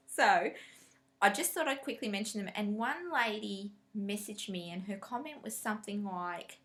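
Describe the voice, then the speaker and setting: Woman, craft vlogger, chatty and animated, laughs through her stories, middle pitch. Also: moderate pace. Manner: animated, laughs often, acts out quotes. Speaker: cross-stitch vlogger. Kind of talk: casual chatty storytelling.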